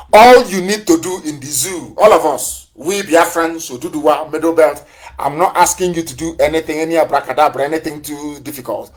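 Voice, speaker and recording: Man, raised pitch, fiery live broadcast address, hammers points with repeated questions and taunts. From southeastern Nigeria. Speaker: movement leader on a live broadcast.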